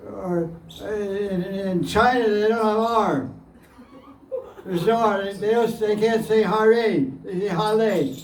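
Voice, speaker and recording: Male spiritual teacher, high voice, unhurried and repetitive; distant, roomy recording. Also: steady tone. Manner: plain-spoken, repeats phrases, chuckles often. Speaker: spiritual teacher answering questions. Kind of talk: devotional question-and-answer talk. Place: indoor gathering room. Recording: echoey room, distant mic, faint hiss.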